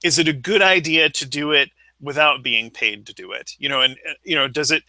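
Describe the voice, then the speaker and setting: A man's voice: fairly high pitch, fairly quick, sharp tone, dry recording, low-quality recording. A man in casual podcast chat, telling a rambling story with many halts and restarts.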